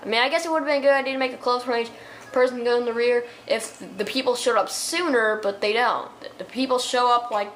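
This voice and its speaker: A young woman giving casual let's-play commentary, reading game text aloud with chatty asides and fillers. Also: mid-range voice.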